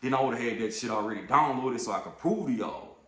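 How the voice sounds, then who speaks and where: A man who drives trucks tells a story in a casual rant, heated and profane, getting louder and sharper when riled. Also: mid-range voice, quick pace, reverberant.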